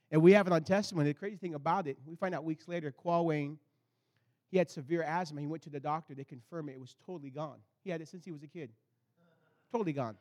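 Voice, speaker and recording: A man preaching a sermon, telling a story with animated swings between loud bursts and low, intense stretches. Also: fairly quick. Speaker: pastor.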